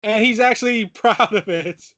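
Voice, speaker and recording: A man's voice: high voice, normal speed, pushed and bright. A man co-hosting a podcast, chatting about wrestling in a laid-back way with offhand asides. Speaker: podcast co-host. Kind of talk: casual wrestling talk chat.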